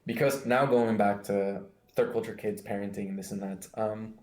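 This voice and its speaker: A man's voice: fairly low pitch, fairly even intonation, moderate pace, a little mellow, reverberant, poor audio. A young man from Mexico with an American accent, chatting casually as host, rambling with many fillers and restarts. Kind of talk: casual chat.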